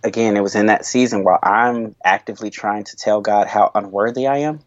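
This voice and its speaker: A worship leader talking through his experiences in a thoughtful, halting way, often restarting his sentences. He is a man with a lowish voice. The recording is dry and a little dull, with a slightly lo-fi sound. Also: no echo. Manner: thoughtful, halting, with frequent restarts and soft laughs. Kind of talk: reflective interview conversation.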